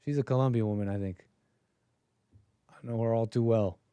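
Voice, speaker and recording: A man's voice: medium pitch, fairly even intonation, normal speed, dark tone, clean tone, no echo, dull audio. A man hosting a live stream, reacting to a video clip in casual, sarcastic and rambling commentary that often repeats itself.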